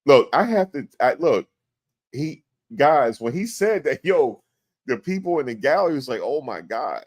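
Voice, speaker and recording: A man's voice: a little high, moderate pace. A man giving casual commentary on a court case to his viewers, talking in loose slang and acting out quotes. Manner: animated, slangy, acts out quotes in exaggerated voices. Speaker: commentary host. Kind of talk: casual live-stream commentary.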